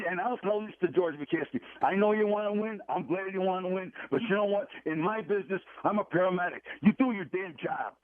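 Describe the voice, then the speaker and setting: A man's voice: high voice, no echo. A man calling in to a sports radio show, ranting in a frustrated, emphatic, repetitive way. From Chicago. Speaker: caller. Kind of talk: call-in rant on sports radio. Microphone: phone. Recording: tinny phone line.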